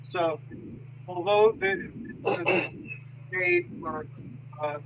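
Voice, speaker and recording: A man's voice: sits high, very slow. Man explaining over a dull, noisy line. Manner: explanatory, thoughtful. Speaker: host. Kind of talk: casual discussion of mythology. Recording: dull lo-fi sound with noise.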